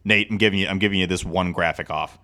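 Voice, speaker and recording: A man's voice: deep voice, steady tone, fast, sharp tone. A man co-hosting a sports podcast, talking in rambling casual chat with many restarts and laughs. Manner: rambling, self-interrupting, laughs often. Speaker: podcast co-host.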